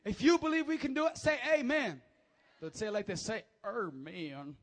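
A young man, a youth pastor, giving energetic, joking announcements and preaching to teens, often calling for amens. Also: very high voice, fairly quick.

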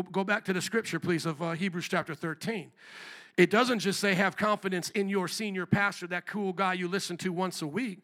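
A male pastor preaching a sermon with energetic call-and-response to the congregation. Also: sits high.

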